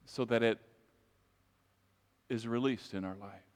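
A man's voice: on the low side, a little slow. Man preaching in a reverberant church. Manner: emphatic preaching with repeated phrases, addresses the congregation directly. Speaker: pastor. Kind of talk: sermon. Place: church sanctuary. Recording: long reverb of a large church.

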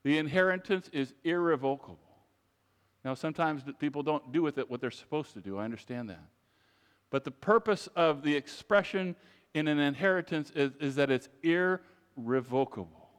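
A man's voice: on the high side, animated, moderate pace, clear, resonant tone. A man preaching a sermon to his congregation, emphatic and repetitive, speaking to them directly. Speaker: pastor. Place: church sanctuary. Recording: long reverb of a large church.

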